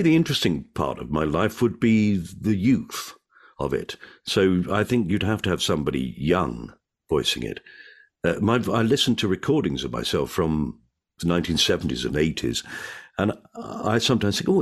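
An older English man with a husky voice, chatting as a podcast guest in a playful way, slipping into put-on voices. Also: low voice, sing-song, moderate pace. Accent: southern English, educated. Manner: playful, slips into put-on voices and cockney impressions. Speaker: comedian and podcast host, guest. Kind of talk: casual chat.

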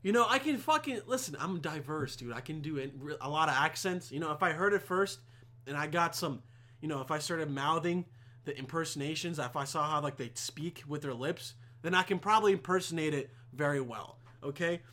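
A man's voice: a little high, lively intonation, fairly quick, sharp tone. A young man delivering a rambling, profane comedic rant to camera with heavy swearing. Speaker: vlogger.

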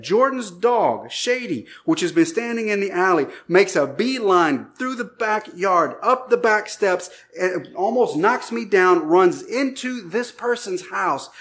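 A male pastor preaching a sermon, telling a personal story with lively, acted-out dialogue before turning to scripture. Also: high-pitched. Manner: animated storytelling, acts out shouted lines.

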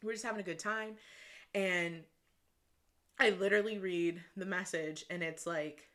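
A woman from Michigan, hosting a podcast, telling a personal story in an excitable, casual way, with lots of "like" and some swearing. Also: lowish voice, a little slow. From Michigan, USA. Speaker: podcast host.

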